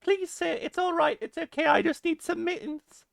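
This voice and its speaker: A man putting on a high, squeaky comic voice, soft and silly. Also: moderate pace, gravelly, dry recording, clean studio sound, full character voice. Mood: soothing.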